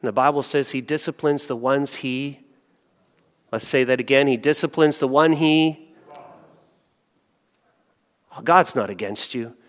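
A man preaching a sermon, swinging from hushed lines to loud exclamations. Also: medium pitch, a little slow, pauses often, long reverb tail. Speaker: pastor.

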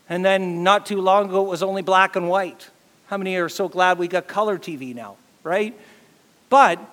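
High-voiced man preaching in a hall. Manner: animated preaching with acted-out quotes. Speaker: pastor. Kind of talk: sermon.

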